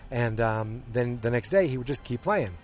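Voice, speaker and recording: Guy on a podcast retelling a movie plot, mid pitch, lots of ums, faint music behind. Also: expressive, moderate pace, a little mellow. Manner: rambling, hesitant, many ums and restarts; acts out quoted lines. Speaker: podcast host. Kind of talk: casual movie recap.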